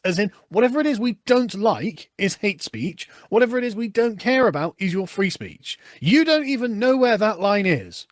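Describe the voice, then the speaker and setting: A man's voice: high voice, very animated, normal speed, hardly any pauses, dry recording, clean studio sound. A man with a British accent reading news clips aloud and reacting with sarcasm and laughter. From Britain. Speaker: political commentator.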